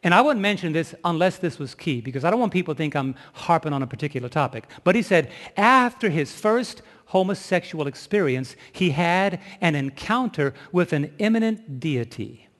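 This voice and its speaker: A man's voice: on the high side, expressive, normal speed, few pauses, a bit bright, long reverb tail. A man preaching a sermon, telling a story with emphasis and asking the audience questions.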